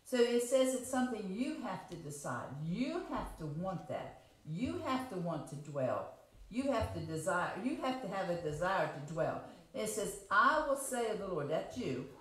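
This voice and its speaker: A woman's voice: medium pitch, very animated, moderate pace. A woman preaching a homespun, conversational sermon, reading scripture aloud and explaining it, repeating and rephrasing her points and asking the congregation questions. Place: church sanctuary. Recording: very echoey church room.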